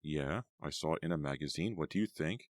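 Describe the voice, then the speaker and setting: A man's voice: rumbling low, a little fast, no room sound. Man reading a bored, whiny teenage girl. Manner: whiny, weary.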